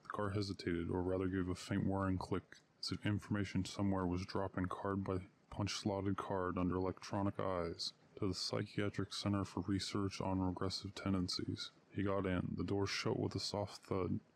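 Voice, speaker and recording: A man narrates a story in a measured, steady reading. His voice is deep and stays flat, with little rise or fall. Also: gravelly, slight background noise.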